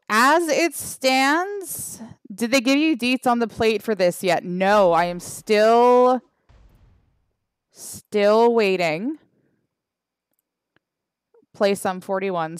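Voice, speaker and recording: A woman from Canada chats on a game livestream, unhurried and wry, drifting through fillers as she reads the chat. Her voice is smooth and clean, recorded close and dry with no room around it. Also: medium pitch, no echo. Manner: chatty, wry, trails off with fillers. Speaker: game streamer. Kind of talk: casual livestream chat reading the chat.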